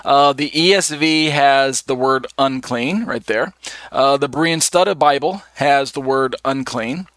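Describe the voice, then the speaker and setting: A man's voice: mid-range voice, a bit bright, no echo. A man leading a casual Bible study lesson, talking conversationally with many fillers as he reads out verses. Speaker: Bible teacher.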